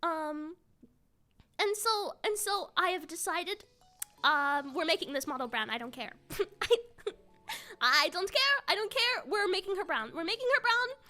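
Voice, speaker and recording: A woman streamer chatting casually on a live stream, excitable and giggly, often repeating herself. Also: very high voice, unhurried, pauses often. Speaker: live streamer with an avatar model.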